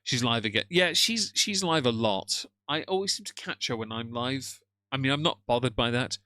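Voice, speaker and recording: A man's voice: medium pitch, lively intonation, normal speed, bright, forceful tone, smooth, no room sound. A man hosting a live stream, talking casually and mockingly to his viewers and greeting chat. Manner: sardonic, mocking, chatty asides to viewers. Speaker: livestream host. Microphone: headphones on, moderating chat from a phone.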